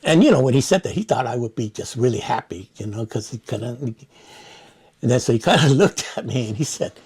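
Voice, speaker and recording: A man's voice: medium pitch, expressive, fairly quick, darkish tone, breathy edge. A man in his seventies from San Francisco, telling war stories in a rambling, casual interview full of restarts. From San Francisco, United States. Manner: rambling, many restarts and "you know". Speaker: Vietnam veteran interviewee.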